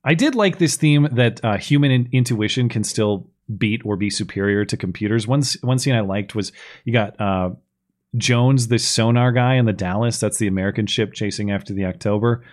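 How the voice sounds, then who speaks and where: A man's voice: lowish voice, normal speed. A man hosting a podcast, chatting casually and sarcastically as he picks apart a film. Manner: chatty, sarcastic, animated complaining. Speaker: podcast host. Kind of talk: casual chat reviewing a film.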